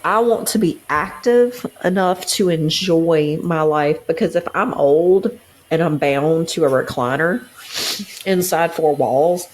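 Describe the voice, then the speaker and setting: A woman's voice: sits low, slow, darkish tone, poor audio. A middle-aged woman co-hosting a podcast, speaking in an earnest, heartfelt and reflective way in casual conversation. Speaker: podcast co-host. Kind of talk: casual chat.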